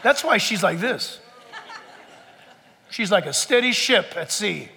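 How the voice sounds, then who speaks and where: High, bright-voiced preaching man in a church. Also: slow, vocal fry, a little hiss or hum. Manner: animated preaching, acts out voices of listeners. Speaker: pastor. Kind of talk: sermon. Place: church sanctuary before a congregation. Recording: long church hall reverb.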